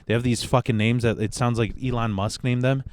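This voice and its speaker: A man hosting his own podcast, a stand-up comedian from the Chicago area, telling stories in a profane, animated monologue with sudden excited outbursts. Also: medium pitch, a little fast, dry recording. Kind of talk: casual solo podcast monologue.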